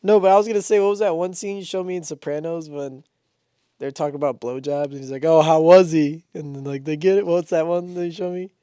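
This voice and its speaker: Mellow, slightly high young man, joking. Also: smooth, dry recording, clean studio sound. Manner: loose, joking, quick to laugh. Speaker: podcast co-host. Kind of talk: casual chat.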